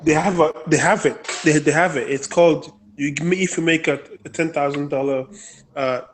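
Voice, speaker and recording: Halting man with a higher voice. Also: a little hiss or hum. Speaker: guest. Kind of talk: casual podcast chat.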